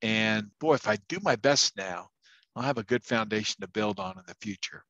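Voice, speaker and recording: A man's voice: fairly low pitch, moderate pace, a bit bright, no echo, lo-fi sound. A man teaching a university class, telling anecdotes in a casual, chatty way with many fillers and restarts. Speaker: university instructor. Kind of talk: casual lecture storytelling.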